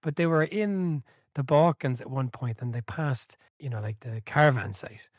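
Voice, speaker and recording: Animated male podcast host. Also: medium pitch, moderate pace, no echo, muffled recording. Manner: animated storyteller, laughs and swears freely. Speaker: book club podcast host. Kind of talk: casual podcast chat.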